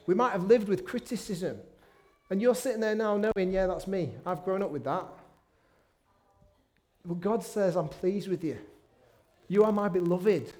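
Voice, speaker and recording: A middle-aged man preaching a sermon in a church, conversational and warm-humoured with self-deprecating asides. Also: high-pitched. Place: church meeting room.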